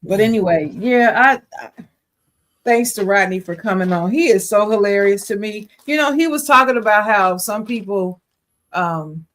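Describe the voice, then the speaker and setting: A woman co-hosting a podcast in casual chat, opinionated and quick to laugh. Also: mid-range voice, slight background noise. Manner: opinionated, chatty, laughs easily. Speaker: podcast co-host.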